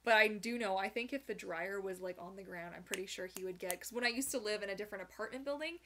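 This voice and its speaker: A young woman hosting a live Q&A, chatting casually and reading viewer comments aloud with animated, giggly asides. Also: mid-range voice, fast talker, background noise. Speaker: livestream host answering viewer questions.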